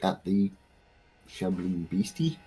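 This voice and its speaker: A man's voice: low-pitched, expressive, slow, mellow, husky, rough recording. A man playing a tabletop game, playful and rambling, groping for game terms. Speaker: player. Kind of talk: casual tabletop play.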